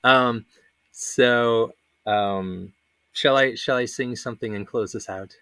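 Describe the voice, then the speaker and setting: A man in his thirties, hosting a laid-back panel chat, has a medium-pitched voice that is clear and resonant, bright and forceful, delivered slowly with no echo. He laughs a lot and wanders through anecdotes thick with fillers.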